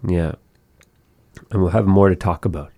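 A low, gravelly man hosts a relaxed radio language lesson. He speaks slowly and repeats each word so a learner can copy it. His voice is dark and mellow and sits in a dry, close sound. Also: no room sound. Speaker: radio host teaching a language.

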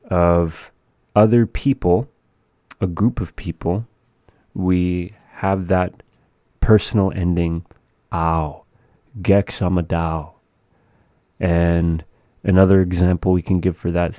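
A man with a very low, mellow voice leads a language lesson. He speaks very slowly and patiently, repeating each word so listeners can follow. The sound is close and dry. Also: dry recording. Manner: slow, patient, repeats words for practice. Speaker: language teacher. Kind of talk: slow spoken language lesson.

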